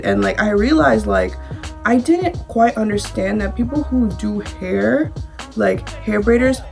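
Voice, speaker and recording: A woman's voice: medium pitch, animated, measured pace, gravelly, a little mellow, soft background music. A young woman, telling a personal story to the camera in a candid, chatty way, with filler words and casual swearing. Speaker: vlogger.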